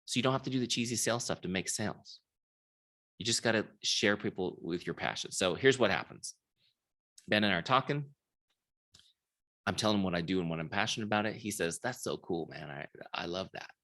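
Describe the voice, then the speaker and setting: A man's voice: fairly low pitch, lively intonation, fairly quick, pushed and bright. A man leading an online sales training, telling stories with acted-out dialogue and often checking in with his listeners over a video call. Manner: storytelling, acts out quoted dialogue, checks in with the audience. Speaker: software founder giving a sales training. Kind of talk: live online training talk.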